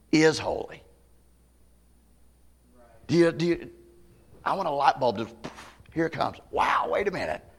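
High-voiced preaching man. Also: vocal fry. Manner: emphatic preaching with rhetorical questions to the congregation. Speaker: pastor. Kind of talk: sermon. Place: church campmeeting service.

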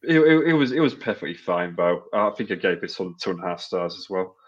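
A low-pitched man chats casually on a wrestling podcast. He is blunt and sweary and rambles with plenty of fillers. The audio is dull and lo-fi. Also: expressive, fairly quick. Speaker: podcast co-host. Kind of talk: casual wrestling review chat.

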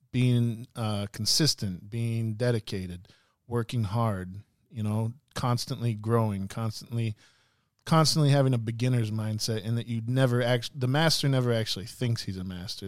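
A man guesting on a podcast muses and retells a martial arts story in loose, casual, profane talk, rambling with many fillers and restarts. His voice is mid-range, and the recording is dry and studio quality.

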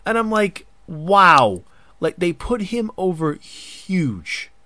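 A man hosting a casual podcast chat, excitable and rambling in long run-on bursts. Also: high voice, slow, no room sound. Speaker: podcast host.

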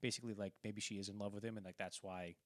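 A man's voice: lowish voice, level tone, very fast, fairly bright tone, dry recording. Man retelling film scenes, dry close sound. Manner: rambling, retells scenes with quoted lines. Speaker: podcast co-host. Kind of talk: casual film discussion.

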